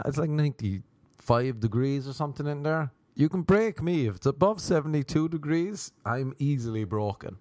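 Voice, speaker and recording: A man's voice: mid-range voice, darkish tone, no echo. Rambling Irish man, dry close mic. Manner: rambling, exaggerated, sweary. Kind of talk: comic monologue.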